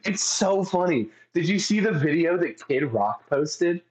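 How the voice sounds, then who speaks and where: Excitable, laughing podcast co-host. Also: male voice, a little high, unhurried, rough recording. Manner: excitable storyteller, laughs a lot, swears casually. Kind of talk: casual podcast chat.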